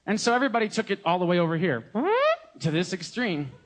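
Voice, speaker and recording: A young American man in his twenties, giving a joking, animated sermon at a live concert and mimicking voices. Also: sits high, fast talker. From United States. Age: 20s. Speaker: gospel singer preaching.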